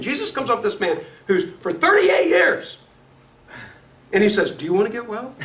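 A man with a Midwestern accent teaching a Bible study class, lively and often asking the class questions. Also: high-pitched. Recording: echoey classroom from far off, noisy.

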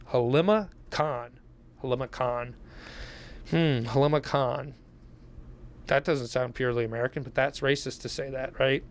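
Gravelly, sarcastic man ranting. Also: medium pitch, normal speed. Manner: sarcastic and combative. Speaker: YouTube commentator. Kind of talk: comment-response rant.

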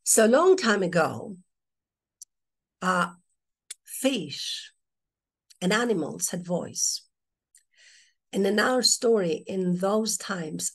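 Slow, expressive woman presenting a webinar. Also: mid-range voice, slightly rough. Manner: hesitant with fillers, expressive and animated. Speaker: webinar presenter, teacher trainer. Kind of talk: storytelling webinar talk.

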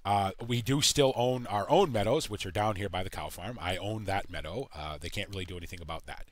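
A man's voice: low voice, no room sound. Rambling American man narrating a farm game. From United States. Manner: halting, full of uh and you know. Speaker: gaming channel host. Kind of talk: rambling let's-play commentary.

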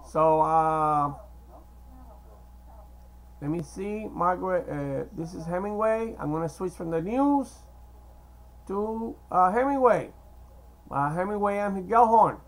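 High, gravelly man rambling to camera. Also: expressive, rough recording. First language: Spanish. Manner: hesitant, meandering, many filler pauses. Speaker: video blogger. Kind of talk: casual rambling monologue to camera.

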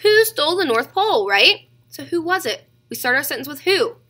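A woman teaching a kindergarten reading lesson, sounding out letters slowly and clearly. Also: high voice, big pitch swings, bright, forceful tone.

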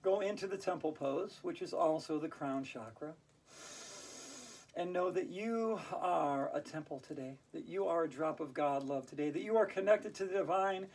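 A woman teaching a hula hoop yoga class, playful and chatty, breaking into sing-song rhymes and laughing out loud on cue. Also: low voice, normal speed, slightly rough. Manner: chants rhyming verses in a sing-song. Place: indoors while it snows outside. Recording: voice from a distance off the mic.

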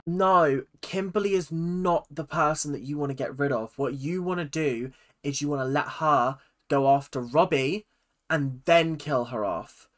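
A YouTube host giving casual, animated reaction commentary with frequent laughs and exclamations. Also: medium pitch, measured pace.

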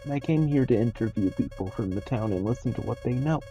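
A man's voice: mid-range voice, lively intonation, fast talker, mellow, lo-fi sound, faint music behind, pitched above the performer's own voice, close to an everyday voice. A man voicing a polite, earnest teenage girl who questions townspeople for a school investigation in a game.

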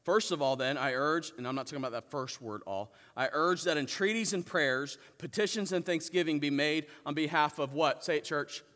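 A male pastor preaching a sermon, calling on the congregation to answer back and shifting between loud emphatic peaks and soft low asides. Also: fairly quick, few pauses, big-room sound. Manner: preaches with call-and-response to the congregation. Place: church sanctuary.

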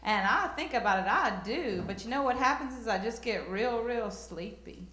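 A woman's voice: on the high side, lively intonation, brisk, a bit bright. A young woman with a Southern American accent doing a self-deprecating stand-up set, drawling and talking back to the crowd. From rural American South. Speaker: stand-up comedian. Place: comedy club stage. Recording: roomy club reverb.

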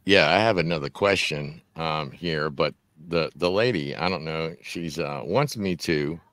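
A man hosting a call-in show, reading listener questions aloud in a halting way. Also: a bass voice, a bit bright, dry recording. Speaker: host. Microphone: video call.

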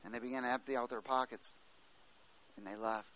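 A man's voice: medium pitch, steady tone, brisk, pushed and bright, low-quality recording. A male preacher giving a sermon, reading scripture aloud, explaining it, and calling out to the congregation for an "Amen.". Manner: calls out to the congregation, asking "Amen?".

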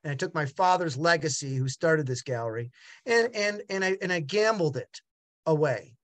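A middle-aged man, a gallery owner, telling a personal story in an animated way with many halting restarts. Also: on the high side, no echo. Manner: animated, acts out other voices in quotes. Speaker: gallery owner and art dealer.

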